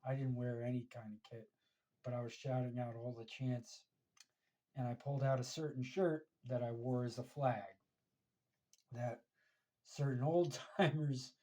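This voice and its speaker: A man's voice: mid-range voice, steady tone, a little slow, pauses often, mellow, rough recording. Rambling American man telling a story. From United States. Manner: rambling, many fillers and restarts. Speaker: fan podcaster. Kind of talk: casual storytelling monologue.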